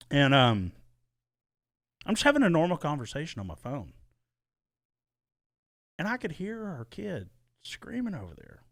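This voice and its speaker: Brief: male podcast co-host, lively swooping delivery, stumbling restarts, dry close sound. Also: a little high, takes it slowly, gravelly, pauses often, no echo. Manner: rambling, animated, repeats and restarts words. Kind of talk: casual podcast chat. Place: small soundproofed home studio.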